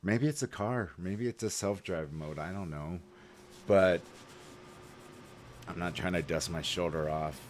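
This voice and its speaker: A man's voice: sits low, measured pace, pauses often, slight background noise. A man telling a rambling, heated story to camera, swearing freely and full of fillers. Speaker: vlogger. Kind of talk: casual rant to camera.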